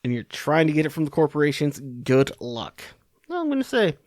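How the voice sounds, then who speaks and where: A man's voice: on the high side, sing-song, fairly quick, a little mellow, no echo, clean studio sound. A man hosting a podcast, giving casual political commentary in a rambling, sarcastic, profane way. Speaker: podcast host.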